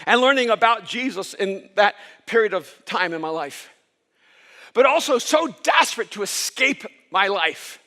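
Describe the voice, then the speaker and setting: A male pastor preaching a sermon with impassioned storytelling that rises toward near-shouts. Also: extremely high pitch.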